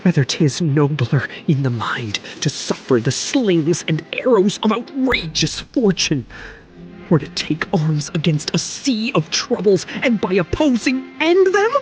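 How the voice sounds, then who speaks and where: A text-to-speech voice playing a deranged outcast, swinging between hoarse whispers and sudden outbursts. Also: medium pitch, big pitch swings, a little slow, soft background music. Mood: unhinged. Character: deranged outcast, unhinged and erratic. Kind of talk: synthetic text-to-speech demo reading.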